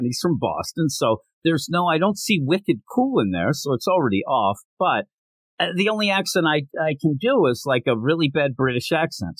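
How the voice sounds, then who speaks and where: Animated husky-voiced man reviewing comics. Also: medium pitch, no echo. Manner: jokey, digressive, chatty asides. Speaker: comic book reviewer and podcast host. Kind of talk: casual commentary.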